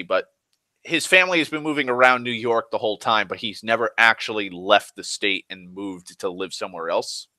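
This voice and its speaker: A young man rambling through a casual vlog monologue, restless and full of restarts, swearing freely and swinging between loud and soft. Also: medium pitch, no room sound. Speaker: vlogger.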